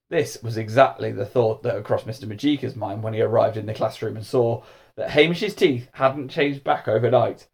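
A man reading a children's storybook aloud, narrating in a lively, expressive way. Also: medium pitch, moderate pace, creaky, breathy edge. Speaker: audiobook reader.

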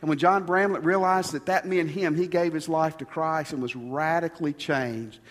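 A man's voice: a little high, fairly even intonation, moderate pace. A man preaching a sermon as pastor, stressing his points by repeating key phrases. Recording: long reverb of a large hall.

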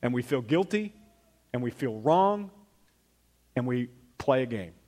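A pastor preaching a sermon in a church, talking to the congregation in a conversational way that swings from loud emphasis to quiet asides. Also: male voice, medium pitch, big pitch swings, a little slow. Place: church sanctuary.

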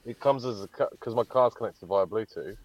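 A man's voice: on the low side, a little fast, a little mellow, dry recording. A man hosting a podcast over a phone call from his parked car, bantering casually and swearing freely. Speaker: podcast host. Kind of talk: casual chat. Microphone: phone call through car Bluetooth.

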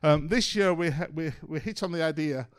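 A man's voice: on the high side, brisk, clear, resonant tone. A man giving an informal church talk, telling a story in a chatty way with lots of ums. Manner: chatty storytelling, many ums and kind-ofs. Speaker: church speaker.

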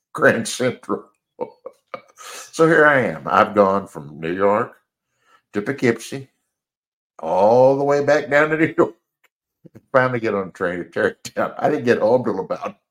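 A man casually telling a rambling, self-deprecating anecdote, chuckling as he goes. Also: low voice. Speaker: storyteller.

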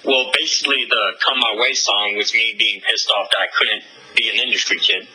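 Young man in his twenties, a musician guest, raspy and bright-toned, pitched a bit low. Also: fairly even intonation, brisk, poor audio. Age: 20s. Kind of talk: casual interview answers.

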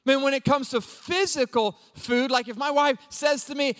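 Preacher guy, really high voice, shouts then goes low and jokey, big echoey church sound. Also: quick pace, hardly any pauses, clean tone. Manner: animated preaching, swings from shouts to low asides; acts out quoted voices of the congregation. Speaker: pastor. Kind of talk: sermon.

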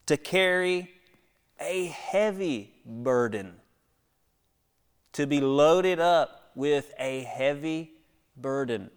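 A man preaching a sermon, swinging from hushed near-whispers to loud, high exhortations, with rhetorical questions and calls to the congregation. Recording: long echo of a large hall.

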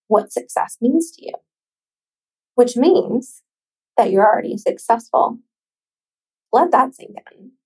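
A woman hosts a podcast in a casual, encouraging monologue aimed straight at the listener. Her voice sits a little high, with a gravelly, husky edge. She swears freely and lets long pauses hang. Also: a little mellow, rough recording. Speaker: podcast host.

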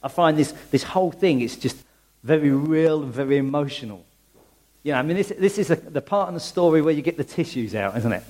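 A man preaching a conversational sermon in a church, full of rhetorical questions and quick restarts. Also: a little high, lively intonation, darkish tone.

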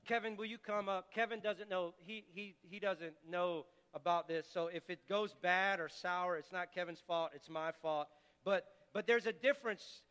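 A male pastor preaching with passion, bright and forceful, high in pitch for a man. He talks in a conversational way and often restarts his sentences. His voice rings through a church with a long reverb. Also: clean tone. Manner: impassioned, conversational, with repeated restarts. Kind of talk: sermon. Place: church sanctuary.

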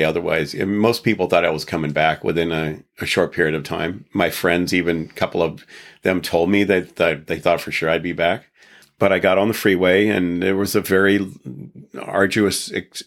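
A man from Texas with a very low, deep voice recounts his past in a loose, rambling interview style. He is reflective and chuckles now and then as the memories come back. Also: fairly bright tone. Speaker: podcast guest. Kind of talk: casual storytelling interview.

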